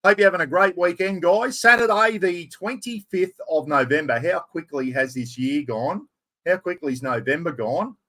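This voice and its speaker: A man's voice: fairly high pitch, moderate pace, bright, forceful tone. A man with an Australian accent hosting a casual livestream on an external microphone, chatting and greeting viewers by name with broad slang. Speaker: livestream host.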